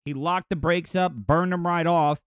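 A man's voice: on the high side, steady tone, moderate pace, clear, resonant tone, dry recording, clean studio sound. A man hosting a podcast, riffing in rambling, crude jokes over news clips. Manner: rambling, crude joking asides. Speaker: podcast host. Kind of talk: casual comedic commentary over news clips.

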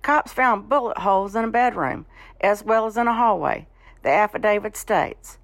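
Gravelly-voiced woman reading the news. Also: medium pitch, moderate pace, dry recording. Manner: matter-of-fact, steady reading. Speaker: news reader on a radio show.

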